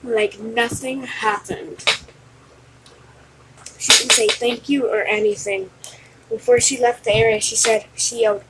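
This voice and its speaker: A woman casually retelling a dream, slow and halting, with restarts. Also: on the high side, fairly even intonation, noisy background. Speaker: storyteller.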